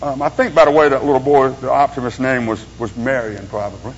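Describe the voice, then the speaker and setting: A man's voice: medium pitch, steady tone, brisk. A man preaching an informal sermon as a pastor, telling stories in a folksy, rambling way with joking asides. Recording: dull lo-fi sound with faint hum.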